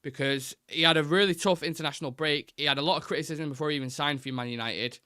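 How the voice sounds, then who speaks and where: A man's voice: a little high, quick pace, sharp tone, dry recording, clean studio sound. A young man hosting a live football fan show, chatting through his opinions and reading viewer comments, with plenty of fillers and restarts.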